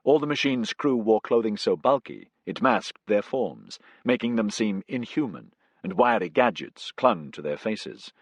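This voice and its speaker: Low, husky male storyteller. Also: animated, dry recording. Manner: measured storytelling. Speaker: audiobook narrator. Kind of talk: scripted narration.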